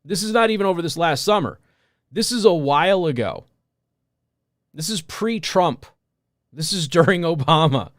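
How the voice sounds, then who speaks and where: American radio host, male, slightly high voice, emphatic storyteller, dry close sound. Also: animated, moderate pace, long pauses, no echo. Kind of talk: talk radio monologue.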